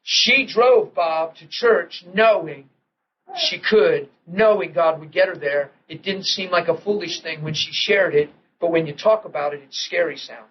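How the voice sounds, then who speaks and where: High-voiced man preaching on an old recording. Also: unhurried. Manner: storytelling, acts out quotes with sudden hushed drops. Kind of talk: sermon. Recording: dull lo-fi old recording with faint hiss.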